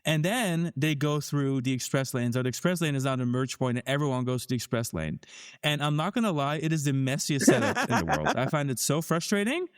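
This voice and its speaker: A man co-hosting a theme park podcast, talking in a casual, animated and critical way with frequent restarts. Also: a little high, a little fast, smooth. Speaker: podcast co-host.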